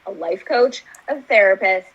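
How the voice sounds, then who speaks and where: A woman in her thirties talks as a guest in a relaxed interview. Her voice is husky and slightly breathy at an ordinary pitch. She tells candid personal stories, peppering them with filler words. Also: moderate pace, lo-fi sound. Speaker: interview guest, fitness instructor. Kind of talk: casual conversational interview.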